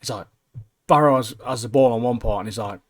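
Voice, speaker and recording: Laddish male co-host, mid-pitched, dry close recording. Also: brisk, dry recording. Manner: laddish, keeps tagging "mate" onto sentences. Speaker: podcast co-host. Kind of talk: casual chat.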